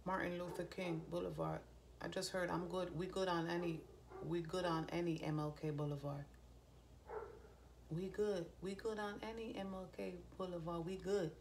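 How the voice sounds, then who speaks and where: Deep-voiced woman medium, rambling and profane, faint background hiss. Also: fairly even intonation, moderate pace, gravelly. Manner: loose and stream-of-consciousness, swears freely. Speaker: psychic medium. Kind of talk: casual spiritual channeling talk.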